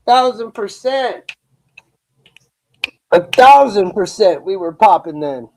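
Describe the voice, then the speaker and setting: Here an Ohio man from Lakewood, US, runs a live reaction stream, his voice sitting high, expressive, and darkish in tone. Swearing and bragging come easily, along with slang such as "bro" and "dude," in a casual, blunt style where he repeats himself. Everything is slow and drawn out, with lots of restarting and repeating.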